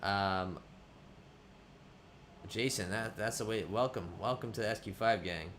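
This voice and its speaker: A man from the Boston area hosting a casual livestream, relaxed, with many fillers, reading viewer questions aloud and answering them. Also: on the low side, measured pace, slight background noise. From Boston area, United States. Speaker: livestream host.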